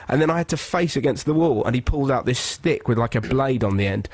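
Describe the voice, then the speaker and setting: An English man on a radio show, launching into a comic anecdote and bouncing between his own voice and mock impressions. His tone is a little husky. The studio sound is dry and close. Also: mid-range voice, fast, few pauses, dry recording. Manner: animated, acts out people in funny voices. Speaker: radio co-host. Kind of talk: excitable comic storytelling.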